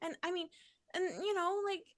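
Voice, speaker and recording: A woman playing a tabletop game in character, rushing through long emotional rambles. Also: very high voice, steady tone, no room sound, clean studio sound. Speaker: player.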